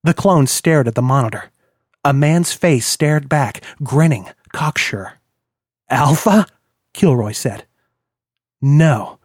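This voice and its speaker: A man's voice: mid-range voice, no room sound. Man narrating an audiobook, dry sound. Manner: measured, descriptive. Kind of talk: scripted narration.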